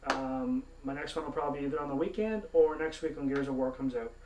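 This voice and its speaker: A man's voice: mid-range voice, quick pace, noisy background. A man from Canada giving a profane, indignant rant to camera as a gaming vlogger. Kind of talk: ranting monologue to camera. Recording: roomy, mic at a distance.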